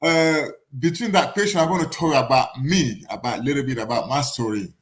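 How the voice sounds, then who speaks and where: A man in his forties from Africa, a boxer guest telling lively stories in broken English and acting out the voices of others. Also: medium pitch, a little fast. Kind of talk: casual storytelling.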